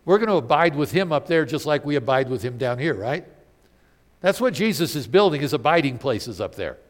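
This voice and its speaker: Animated preacher man in a reverberant hall. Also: a little high, brisk. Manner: animated, emphatic preaching with rhetorical questions. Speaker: pastor. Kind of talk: sermon.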